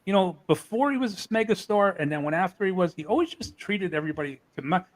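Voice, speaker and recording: A man's voice: high-pitched, expressive, quick pace, low-quality recording. A man being interviewed, telling heated stories and swearing freely. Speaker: interview guest. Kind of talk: casual interview.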